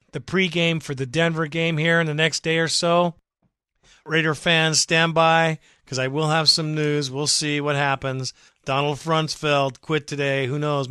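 A man's voice: medium pitch, sharp tone, clean tone, no room sound, studio quality. A man hosting a fan podcast, ranting with emotion and profanity, his voice worn out. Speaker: podcast host. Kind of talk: impassioned fan podcast rant.

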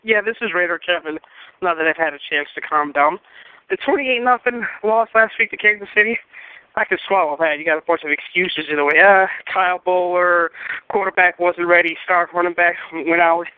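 A man's voice: sits high, a little fast, smooth, dry recording. A man phoning in a frustrated sports rant, firing pointed rhetorical questions. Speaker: caller. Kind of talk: fan voicemail rant. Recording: dry tinny phone line.

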